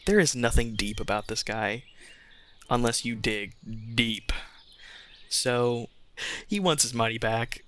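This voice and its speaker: A man narrating a tabletop game as game master, relaxed and amused. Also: mid-range voice, slow pace, long pauses, a little hiss or hum.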